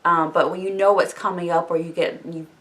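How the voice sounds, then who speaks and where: A woman's voice: lowish voice, steady tone, a little fast, fairly bright tone. Chatty woman recapping a book. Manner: chatty, filler-heavy, swears, jokey asides. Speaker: book vlogger. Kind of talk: casual book recap and review.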